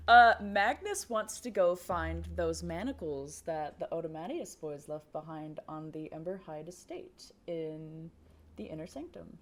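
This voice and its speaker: A soft-spoken woman at a tabletop game drifts between her character and table chatter, hesitant and prone to giggling. She talks slowly, with a slightly low voice. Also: lively intonation. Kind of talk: tabletop role-play, in and out of character.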